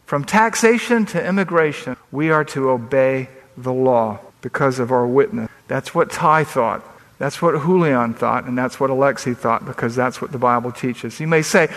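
A man's voice: medium pitch, moderate pace, a bit bright. A man preaching a sermon as pastor, emphatic and building up as he reads scripture aloud. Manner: emphatic, rising into scripture readings. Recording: long reverb of a large hall.

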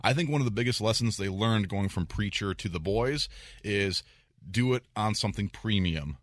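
A man co-hosting a radio show in casual chat, telling stories with lively quoted asides. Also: on the low side, moderate pace, dry recording, clean studio sound. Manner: animated storyteller, acts out quoted lines.

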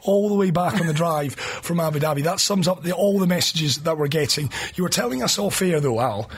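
Scottish male host, husky, slightly high. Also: animated, a little fast. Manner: enthusiastic, reads listener messages. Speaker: radio host. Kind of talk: radio talk show.

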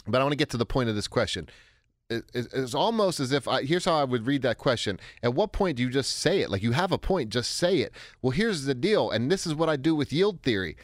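A man explains his ideas in a conversational teaching monologue, his pitch swinging widely as he acts out what people say. He keeps a middle pitch, restarts often, and the sound is close and dry with no room around him. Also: fairly quick, no echo. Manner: animated, acts out quotes with big pitch jumps, frequent restarts. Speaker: author and speaker on handling anger. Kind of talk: conversational teaching monologue answering a listener question.

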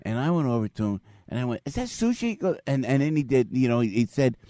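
A man's voice: mid-range voice, fast, warm tone, no echo, clean studio sound. A middle-aged man hosting a morning radio show, telling stories in a chatty way and laughing often. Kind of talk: casual morning radio chat.

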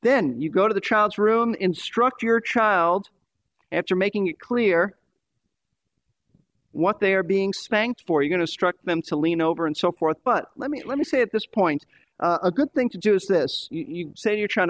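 A male preacher with a high-pitched voice delivers a sermon, pressing his points and repeating key phrases for emphasis. The sound is dry and close, with no room echo. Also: expressive, moderate pace, fairly bright tone.

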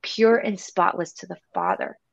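A woman co-hosting a candid faith chat, talking in an emotional, halting way with many restarts. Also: fairly low pitch, sing-song, vocal fry. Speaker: podcast co-host. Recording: dull lo-fi sound.

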